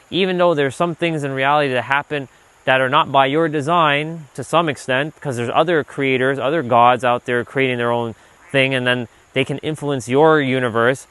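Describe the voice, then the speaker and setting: A man hosting a livestream while out on a walk, talking loosely and casually, filling his talk with "like" and now and then letting a swear slip when he gets animated. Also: medium pitch. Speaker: livestream host, self-improvement speaker. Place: outdoors on a walk. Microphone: handheld gimbal rig.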